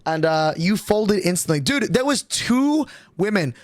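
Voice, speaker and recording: A man's voice: sits high, big pitch swings, unhurried, dry recording, studio quality. Profane, rambling young man streamer. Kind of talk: casual storytelling on a livestream.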